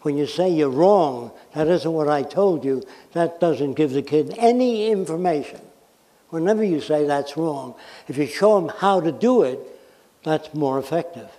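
A man's voice: a little high, lively intonation, moderate pace, mellow. An American man giving a blunt, emphatic public lecture, making his points with examples and questions. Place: lecture hall. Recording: reverberant hall.

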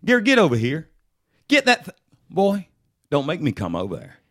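Brief: man doing a threatening Southern father, high-pitched and loud, Southern US accent. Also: wildly swooping pitch, normal speed, dry recording, studio quality, heavily acted. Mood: scolding. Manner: scolding, threatening. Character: stern Southern father scolding his boy.

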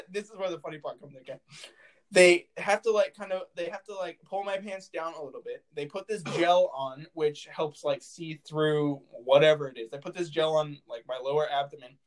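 A young man tells a long story in relaxed chat, giggling as he goes. His voice sits a little high for a man. He stumbles over fillers and restarts. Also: moderate pace.

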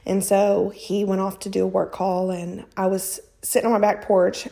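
Woman telling a personal story, animated. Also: mid-range voice, gravelly. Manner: animated, quotes people in raised voices. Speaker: guest telling her story. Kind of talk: casual storytelling.

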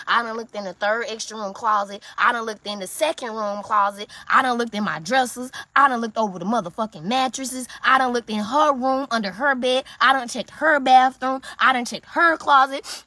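A young woman telling a heated story in a rant, swearing often and breaking into loud outbursts. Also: on the high side.

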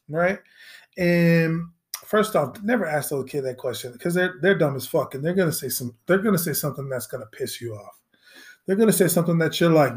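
A young adult man hosting a solo podcast, ranting in a profane, sarcastic, rambling way, tagging lines with "right?" and "you know?", and dropping into low mock voices when he quotes people. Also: expressive, moderate pace. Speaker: podcast host. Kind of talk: solo comedic podcast rant.

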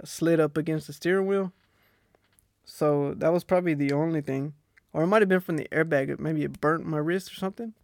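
A young man with a Texan accent telling a personal story on his podcast in a relaxed, rambling way, laughing often. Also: fairly high pitch, gravelly, no room sound, studio quality. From Texas. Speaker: podcast host. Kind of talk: casual storytelling monologue. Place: Australia.

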